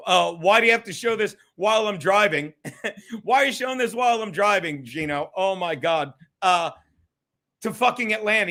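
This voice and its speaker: A man's voice: very high-pitched, sharp tone. A man hosting a podcast, ranting in a profane, mocking, gloating way. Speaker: podcast host. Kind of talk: ranting commentary.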